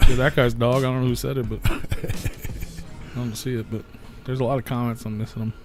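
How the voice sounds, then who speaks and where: A man's voice: mid-range voice, little pitch movement, quick pace, music in the background. A man hosting a live podcast, chiming into a shared story in casual, laid-back chat. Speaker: podcast host.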